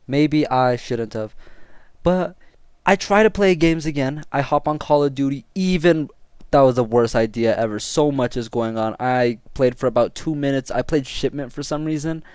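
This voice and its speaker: A young man telling a story to his viewers in a casual, excitable, slangy way and swearing freely. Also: medium pitch, clear, resonant tone, no echo, studio quality. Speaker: storytime vlogger.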